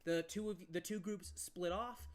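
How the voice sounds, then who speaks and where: A man's voice: high-pitched, a little slow. A man narrating a tabletop game as game master, hesitant and casual, with many fillers.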